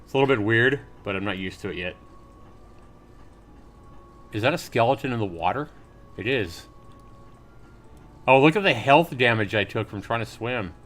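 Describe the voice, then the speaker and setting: A man's voice: medium pitch, expressive, moderate pace, pauses often, a bit bright, slight background noise. A man live-streaming a game, reading on-screen text aloud and chatting casually with viewers as he plays. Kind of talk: live gameplay commentary.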